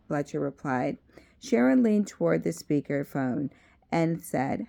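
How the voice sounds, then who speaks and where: A woman reading a self-help book aloud in a measured way, adding side remarks. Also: low voice, lively intonation, creaky, warm tone.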